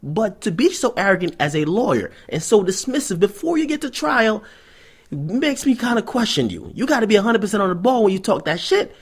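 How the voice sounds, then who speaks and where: A man's voice: high-pitched, very animated, a little fast, husky. A young adult man hosting a vlog, ranting through hip-hop news commentary in a profane, sarcastic, storytelling manner.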